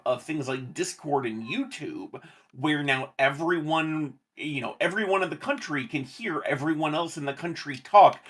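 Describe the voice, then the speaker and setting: Husky-voiced man pressing his point. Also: medium pitch, fairly bright tone. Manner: insistent, quick bursts, argumentative. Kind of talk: casual discussion.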